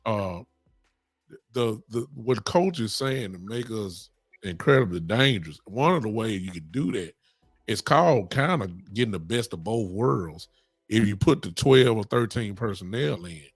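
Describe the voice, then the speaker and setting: A man hosting a sports podcast, talking excitably and preaching to his listeners. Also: on the low side, normal speed, husky, no echo. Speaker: podcast host. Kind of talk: animated sports talk.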